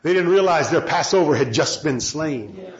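A man preaching a sermon with passion, moving between loud shouting and low, quiet lines. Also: lively intonation, moderate pace, roomy sound, dull audio.

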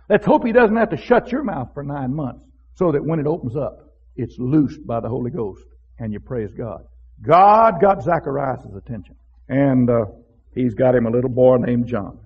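A man preaching a sermon as a pastor, with a husky voice and folksy storytelling that breaks into shouts. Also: mid-range voice, narrow, tinny audio.

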